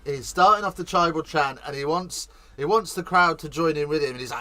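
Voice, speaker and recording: Male host, bright tone, excitable live commentary, faint music behind. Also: fairly high pitch, a little fast. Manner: chatty, excitable, swears casually. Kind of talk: live watch-along commentary.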